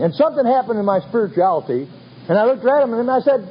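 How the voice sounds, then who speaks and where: A man's voice: very high-pitched, expressive, fast, husky. A man telling his recovery story to a meeting in a wry, self-mocking, folksy way. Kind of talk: humorous storytelling talk. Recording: dull lo-fi recording with faint ambience.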